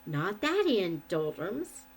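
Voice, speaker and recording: A woman voicing a kind, cheerful male shepherd who speaks gently. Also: mid-range voice, sing-song, slow, a little hiss or hum, rough recording. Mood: kindly.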